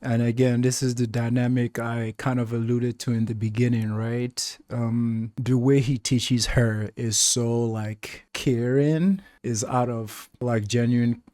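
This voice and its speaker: A man talks through a TV episode in relaxed, rambling commentary, dropping "like" between thoughts. His voice is warm and dark at a mid pitch. The sound is dry and close, with no room around it. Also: measured pace, hardly any pauses, no echo. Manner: relaxed, talks things through with many "like" fillers. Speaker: reaction channel host. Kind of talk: casual reaction commentary.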